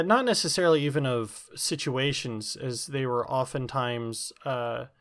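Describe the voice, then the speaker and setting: A man explaining something at length in a casual comic chat, with plenty of ums and restarts. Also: medium pitch. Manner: rambling explanation with many fillers and restarts.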